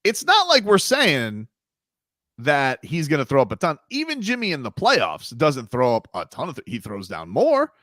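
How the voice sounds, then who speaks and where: Animated sports radio host man. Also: on the high side, normal speed, no echo, studio quality. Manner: animated, emphatic, jumps between loud and quiet. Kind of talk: sports talk radio chat.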